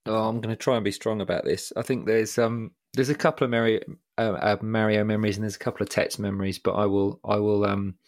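Low-voiced man, chatty podcast host. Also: fast talker, no echo, clean studio sound. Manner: rambling, animated when telling stories, mimics voices. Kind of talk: casual podcast chat.

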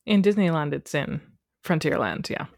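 A woman from western Canada co-hosting a podcast in casual chat, playful and quick with jokey asides. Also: deep voice, expressive, dry recording. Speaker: podcast co-host.

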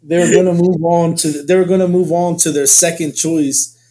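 A man with a somewhat high voice, chatting casually as a co-host. He rambles and trips over his starts before landing the point. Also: fairly even intonation, moderate pace, warm tone. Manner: rambling, restarts sentences often. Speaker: podcast co-host. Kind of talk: casual chat.

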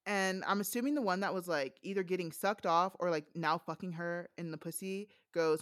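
A woman's voice: fairly low pitch, normal speed, few pauses, no room sound. Young woman, blunt, amused, chatty fillers, dry recording. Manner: frank, crude, amused, many "like" fillers. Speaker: podcast co-host recapping a novella. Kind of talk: casual chat, reading quotes aloud.

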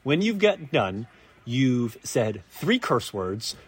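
A man in his thirties co-hosting a casual podcast from his home basement, an excitable storyteller who laughs often. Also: medium pitch, slow pace, slightly rough. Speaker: podcast co-host. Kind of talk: casual chat.

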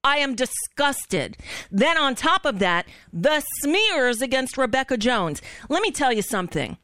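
Furious, shaken woman radio host, bright voice. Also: sits high, very animated, a little slow, dry recording, studio quality. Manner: angry, stammering, emphatic outbursts. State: shaken and upset. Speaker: radio talk show host. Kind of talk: impassioned political talk radio.

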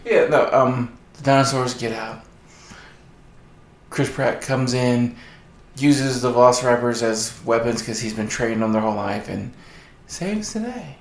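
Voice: mid-range voice, animated, a little slow. A co-host chatting casually, with frequent hesitant restarts. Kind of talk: casual chat. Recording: echoey room.

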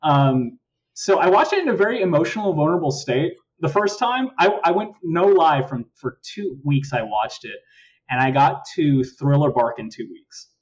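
A man's voice: a little high, animated, moderate pace. Laughing storytelling man on a distant, dull line. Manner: laughs often, tells stories with put-on quoted voices. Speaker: voice actor guest. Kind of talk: casual podcast chat. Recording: distant, dull remote audio.

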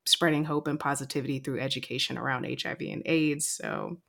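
A woman co-hosting a podcast in a studio, speaking in a measured, hesitant way with frequent fillers. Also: very deep voice, fairly even intonation, gravelly, a bit bright. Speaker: podcast co-host. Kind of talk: casual chat.

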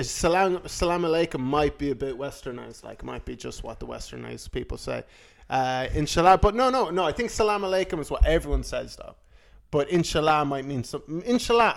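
Gravelly-voiced joking man. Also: a little high. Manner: joking, laughs often, acts out bits in put-on voices. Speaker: podcast co-host. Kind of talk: casual comedic chat.

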